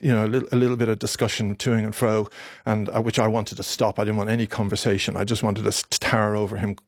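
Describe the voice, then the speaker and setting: A man in his fifties from Ireland, a doctor speaking haltingly in a radio interview, his voice catching with emotion. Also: lowish voice, flat delivery, no room sound, clean studio sound. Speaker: doctor and guest.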